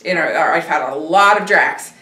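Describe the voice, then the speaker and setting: A woman hosting a casual film talk. She speaks hesitantly, filling pauses and restarting her thoughts. Her voice is somewhat low for a woman, and it is recorded off-mic in a roomy space. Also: bright, forceful tone, far from the mic. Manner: hesitant, many fillers and restarts. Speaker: film review host.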